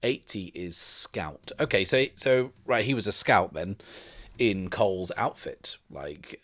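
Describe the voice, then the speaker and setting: A man's voice: sits low, a bit bright. A man narrating a solo tabletop game as host, thinking aloud in a casual way.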